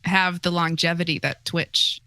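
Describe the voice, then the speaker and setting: A woman's voice: fairly low pitch, level tone, a little slow, pushed and bright, smooth, no room sound. A woman co-hosting a podcast, chatting casually. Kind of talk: casual chat.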